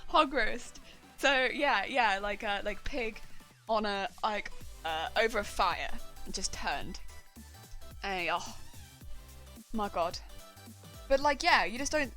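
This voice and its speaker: Bright, excitable young woman streamer. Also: medium pitch, takes it slowly, long pauses. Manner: excitable and rambling, laughs often. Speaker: cosplay crafting streamer. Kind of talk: casual chat while crafting. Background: faint background music.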